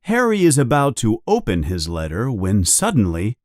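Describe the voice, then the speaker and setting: A man reading a simplified storybook aloud for English learners, slowly and clearly. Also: lowish voice, huge pitch swings, darkish tone, dry recording, clean studio sound. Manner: slow, clearly paced reading. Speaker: audiobook reader.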